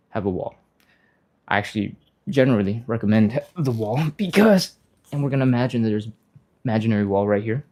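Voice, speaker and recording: A man leads a live stretching session, walking through each move in a relaxed, conversational way. His voice is mellow and middle-pitched, and he laughs easily while chatting with viewers. Now and then he jumps into a high, panicky yelp to act out a nervous body. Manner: casual, chatty, explains step by step, laughs often. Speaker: stretching instructor, live stream host. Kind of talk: live-streamed workout instruction, reading chat.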